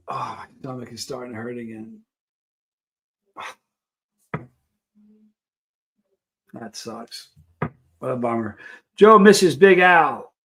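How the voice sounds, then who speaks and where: A man hosts a casual livestream, rambling and chatting straight to his viewers. His voice sits a bit higher than most men's. He talks loosely, in loose, easygoing chat. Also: a bit bright. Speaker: livestream host.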